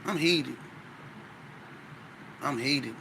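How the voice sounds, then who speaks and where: A man's voice: mid-range voice, drawn-out words, creaky, background noise. A man in casual conversation, animatedly telling a story with speech. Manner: animated, with frequent "you know what I'm saying". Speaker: podcast guest.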